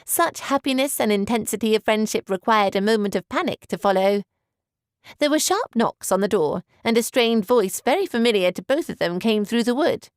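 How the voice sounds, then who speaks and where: A woman narrating an audiobook in a measured, even storytelling manner. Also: fairly high pitch, smooth, no room sound, clean studio sound. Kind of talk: scripted narration.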